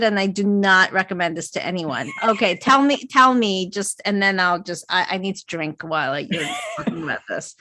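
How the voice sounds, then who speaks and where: A woman novelist interviewing an author over a video call, animated, playful and teasing. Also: mid-range voice, no room sound. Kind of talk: casual interview chat.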